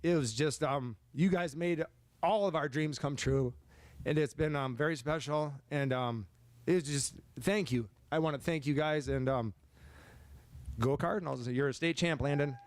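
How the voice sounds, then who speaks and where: A middle-aged man from Michigan giving an emotional, halting banquet speech as head football coach. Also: a little high, no room sound. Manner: emotional, halting, many restarts.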